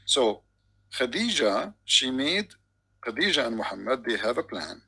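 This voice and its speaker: A man's voice: mid-range voice, very animated, measured pace, bright, forceful tone, husky, low-quality recording. A man in a heated online debate who talks insistently and keeps saying "my friend". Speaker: debate host.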